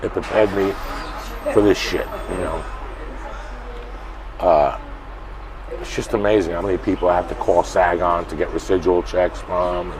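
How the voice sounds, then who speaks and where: A man being interviewed outdoors, telling blunt, swearing stories that build to loud, animated bursts. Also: deep voice, moderate pace, long pauses, poor audio. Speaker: interview guest. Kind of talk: profane storytelling in conversation. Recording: street crowd and traffic behind.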